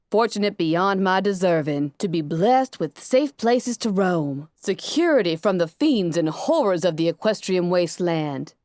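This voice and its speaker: Brief: woman reading as a fond, reminiscing male pony, slightly low, dry close sound. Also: darkish tone, no echo. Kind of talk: storybook reading.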